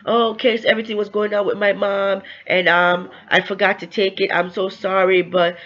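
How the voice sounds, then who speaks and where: A sorry, faltering young woman, voiced by a man retelling a novel stammers out her news between fillers. The tone is bright and fairly high. The recording is a little dull and lo-fi. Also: little pitch movement, moderate pace. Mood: apologetic. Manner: hesitant, apologetic, with fillers. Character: apologetic young woman confessing a pregnancy. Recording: slightly lo-fi.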